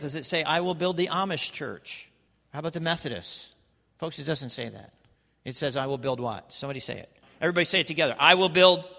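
A male pastor preaching a sermon in a church, animated and constantly prompting the congregation with questions and "okay?". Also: on the high side. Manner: animated, calls for congregation response, repeats "okay?". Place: church sanctuary. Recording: reverberant church hall.

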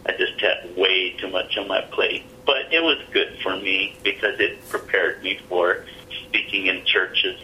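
A man's voice: low voice, a little slow, sharp tone, slight background noise, rough recording. A middle-aged man, an interview guest, telling a personal story in an earnest, plainspoken way.

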